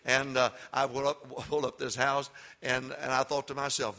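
An older man, a pastor giving a sermon that swings from loud emphatic preaching to folksy storytelling. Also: medium pitch, steady tone, normal speed. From Texas.

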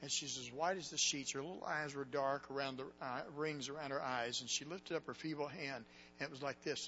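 A man's voice: mid-range voice, fairly quick, sharp tone, dull audio, a little hiss or hum. A man preaching a sermon to young people, telling a story earnestly and with emotion. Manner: earnest and emotional, quoting others.

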